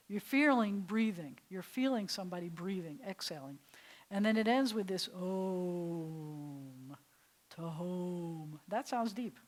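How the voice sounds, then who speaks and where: A woman rabbi teaches an adult Hebrew class in a mid-range voice, warm and playful. She savors each word and sometimes drops to a soft whisper for effect, and the recording is low quality.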